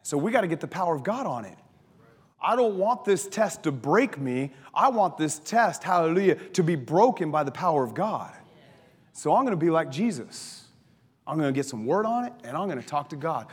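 A male pastor preaching a sermon, telling stories with laughter and dropping to a soft voice for prayers. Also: on the high side, normal speed, slightly rough. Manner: animated storytelling preacher, laughs often, drops to soft prayer voice. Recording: long hall reverb with faint music.

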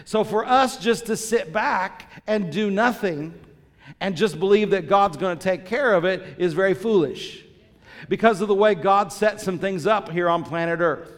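A man's voice: high voice, normal speed. A man preaching a sermon, emphatic, repeating phrases and asking the congregation questions. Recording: long reverb of a large church hall.

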